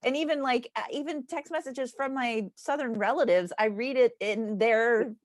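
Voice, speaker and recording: A woman's voice: on the high side, moderate pace, dry recording, studio quality. A woman co-hosting a book club, chatting casually, laughing often and trailing off mid-sentence. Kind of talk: casual chat.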